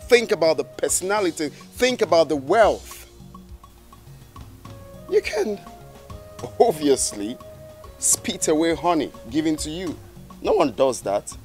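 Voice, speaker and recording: A man's voice: fairly high pitch, very animated, slow, pauses often, darkish tone, faint music behind. An actor playing a proud young prince who persuades a woman, speaking in a coaxing, insistent way.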